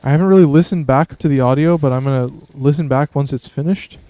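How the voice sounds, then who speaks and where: Male streamer, laid-back game commentary, smooth voice, dry close mic. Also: a little high, quick pace, dark tone, no echo. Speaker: streamer host. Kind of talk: gameplay commentary.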